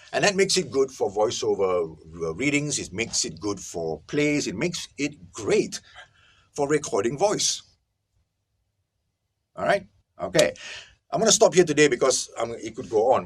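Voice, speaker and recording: Husky, lively man explaining in a studio booth. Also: medium pitch. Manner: emphatic, animated explainer who keeps checking in with viewers. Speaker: host teaching audio recording. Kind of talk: casual video lesson. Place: small soundproofed recording booth. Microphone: camera-mounted microphone, no lapel mic.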